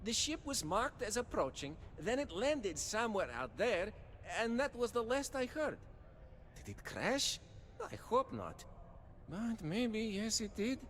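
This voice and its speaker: A man's voice: high voice, big pitch swings, unhurried, a bit bright, in a large hall, a little hiss or hum, heavily acted. A man voicing a chatty male space trader in a video game, with an unplaceable mixed accent and formal, contraction-free speech. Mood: friendly. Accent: unplaceable mix from life among ships. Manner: formal, avoids contractions, salesman's charm. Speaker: shopkeeper and trader.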